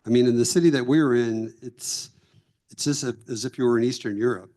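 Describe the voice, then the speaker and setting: A man's voice: mid-range voice, fairly even intonation, a little fast, mellow. A man on a panel answering audience questions in a casual, chatty way with small stumbles. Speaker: mission team member. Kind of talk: explaining to an audience.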